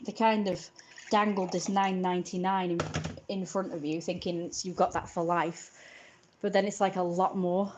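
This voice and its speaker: A woman's voice: fairly low pitch, fairly even intonation, normal speed, darkish tone, slight background noise, rough recording. A woman in her thirties in a casual, sweary vlog rant, wry and self-mocking and often laughing. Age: 30s.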